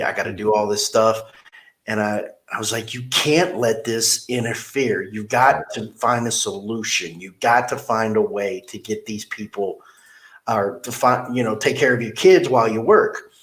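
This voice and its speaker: Middle-aged man, slightly low voice, dealership manager, animated storyteller in an interview. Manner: animated storyteller who acts out quotes.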